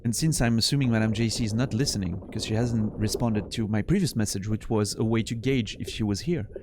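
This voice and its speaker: A man's voice: lowish voice, a little fast, background noise. A tired, yawning man streaming a game, rambling and teasing his viewers in casual chat. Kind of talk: casual chat while playing.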